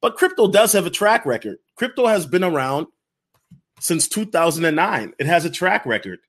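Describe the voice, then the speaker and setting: A man's voice: a little high, moderate pace. A man hosting a casual reaction video, talking in slang, restarting and repeating himself. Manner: animated, slangy, repeats himself, calls others dog. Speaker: crypto YouTuber reacting to a video.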